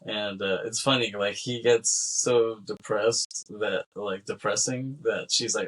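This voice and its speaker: A man with a lowish, slightly bright voice co-hosts a podcast, casually recapping a film scene by scene at a steady, measured pace. He acts out the characters' lines, laughs between them and rambles, all on a low-quality recording.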